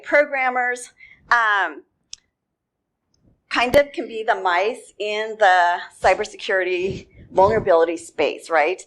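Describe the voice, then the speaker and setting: A woman giving a talk at a security conference. She tells the story in a relaxed way and laughs easily. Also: mid-range voice. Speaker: conference speaker.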